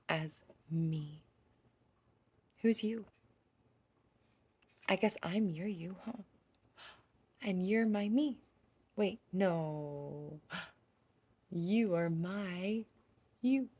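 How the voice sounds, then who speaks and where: Woman doing a husky, whispery little frog. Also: lowish voice, exaggerated voice. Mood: playful. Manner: soft, breathy gasps and whispers, singsong. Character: playful childlike female frog, gentle and affectionate. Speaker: children's storyteller. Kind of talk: whispered role-play.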